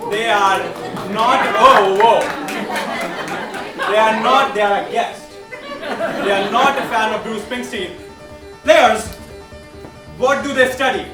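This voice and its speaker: A man hosting a live comedy game show on stage, with playful, teasing crowd work. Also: very high-pitched. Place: stage in front of a live audience. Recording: roomy echo, far from the mic, audience noise.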